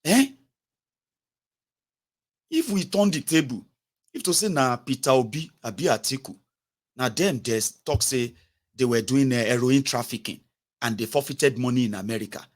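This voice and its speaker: Animated mocking Nigerian man. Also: medium pitch, normal speed, long pauses. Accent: Nigerian, with Yoruba and pidgin words. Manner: mocking, exclaiming, rhetorical questions. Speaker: political commentator. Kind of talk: animated political commentary.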